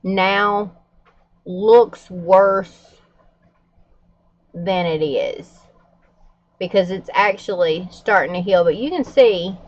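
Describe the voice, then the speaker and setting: A woman's voice: mid-range voice, takes it slowly, pauses often, lo-fi sound. Chatty woman vlogging. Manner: chatty and candid, frequent laughs and fillers. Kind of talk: casual chat to camera.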